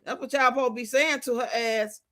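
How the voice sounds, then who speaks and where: High, bright-voiced woman ranting bluntly. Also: fairly even intonation, brisk. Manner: blunt, profane, rants and scolds with lots of swearing. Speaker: streamer and commentator. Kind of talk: casual live-stream commentary. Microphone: streaming mic.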